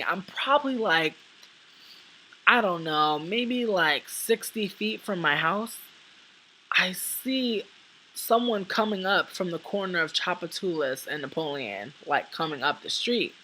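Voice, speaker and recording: A young woman with a bright, forward voice tells a rambling true story to camera. Her talk is casual and heavy with swearing, and she acts out the people in it. A faint hiss sits under the recording. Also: mid-range voice, unhurried, low-quality recording. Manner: profane, animated, acts out what people said. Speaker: vlogger.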